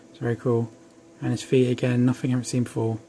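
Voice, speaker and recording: A man's voice: mid-range voice, flat delivery, fast talker, warm tone. A young man casually reviewing an action figure at home, chatty and rambling with self-deprecating asides. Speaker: toy reviewer. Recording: faint background noise.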